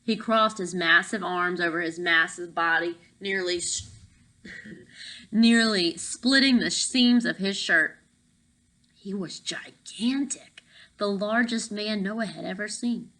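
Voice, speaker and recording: A woman narrating a children's novel aloud, reading lively and voicing the characters. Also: mid-range voice, slow pace, poor audio. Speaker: audiobook narrator. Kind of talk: storybook narration.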